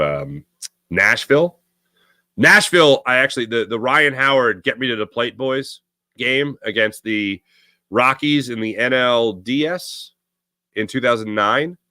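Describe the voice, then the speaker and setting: A man's voice: mid-range voice, animated, measured pace, sharp tone, dry recording. A middle-aged man from the Philadelphia area with a slight Philly accent, hosting a casual sports talk monologue in a rambling, conversational way full of fillers and restarts. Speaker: sports podcast host.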